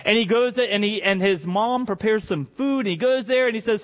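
A man preaching a sermon to a congregation, telling a story in a lively way with joking asides. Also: high-pitched, moderate pace, hardly any pauses. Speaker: pastor. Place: church hall with congregation. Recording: long reverb of a large hall.

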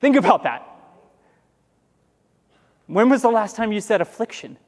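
High-voiced pastor preaching in a hall. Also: male voice, sing-song. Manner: conversational preaching with asides, slowing for scripture. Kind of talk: sermon.

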